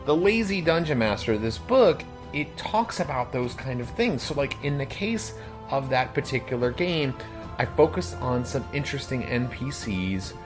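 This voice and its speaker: A man co-hosting a relaxed podcast chat. His voice sits at an ordinary middle pitch, and he explains things at length with plenty of "like" fillers. Faint music plays underneath. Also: normal speed. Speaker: podcast co-host and game master.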